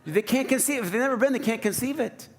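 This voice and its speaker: A very high-pitched, fast-talking man, a pastor in a church sanctuary, preaches to his congregation. His sermon is conversational and playful, and he often puts questions to the room.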